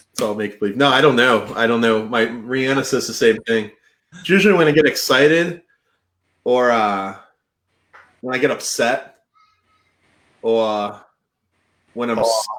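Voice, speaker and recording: A man's voice: medium pitch, a bit bright. A pastor with a Boston accent talks loosely in a casual discussion, poking fun at himself and circling back through restarts. His voice comes through with a roomy echo around it. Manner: laid-back, self-mocking, rambling with restarts. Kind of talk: casual book club chat.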